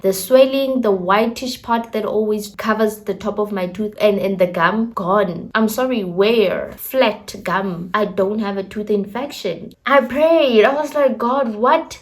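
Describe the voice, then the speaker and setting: A young woman, casually telling a faith testimony as a vlogger, expressive and slangy, acting out her own quotes. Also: mid-range voice.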